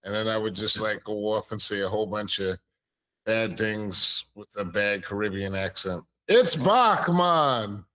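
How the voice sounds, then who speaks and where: A man's voice: on the low side, flat delivery, moderate pace, sharp tone. A man hosting a podcast, joking and teasing his co-hosts in casual chat. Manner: playful, teasing. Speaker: podcast host.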